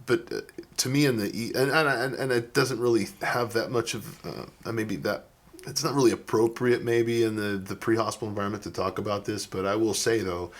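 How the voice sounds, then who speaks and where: A man's voice: on the low side, fairly even intonation, brisk. A man talking as an ER physician co-hosting a podcast, rambling and restarting his sentences often in casual conversation.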